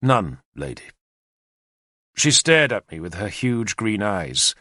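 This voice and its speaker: A male audiobook narrator telling a first-person story at a measured pace. His mid-range voice moves freely in pitch, and the sound is close and dry. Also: sing-song, sharp tone, no room sound. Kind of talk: scripted narration of a historical novel.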